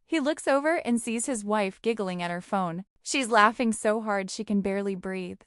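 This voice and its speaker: A woman's voice: medium pitch, normal speed, smooth, no echo. Playful woman narrator, dry sound. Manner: playful, teasing. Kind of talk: scripted humorous narration.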